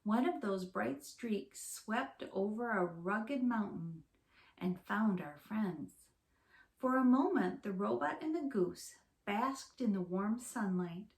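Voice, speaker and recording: A woman teacher reading a storybook aloud to young children in a slow, clear, expressive way. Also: mid-range voice. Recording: roomy echo.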